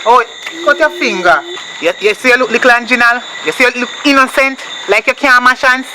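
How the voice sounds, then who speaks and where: A man with a Jamaican accent playing a strict, loud mother who scolds hard in patois. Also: very high-pitched, fairly quick. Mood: furious. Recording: noisy outdoor night recording, loud crickets.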